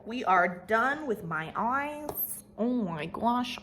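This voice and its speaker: A woman in her twenties telling an animated, slangy story while getting ready, swearing freely and mimicking the people in it. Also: fairly high pitch, slow pace, slight background noise. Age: 20s. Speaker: vlogger. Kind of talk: get-ready-with-me storytime chat.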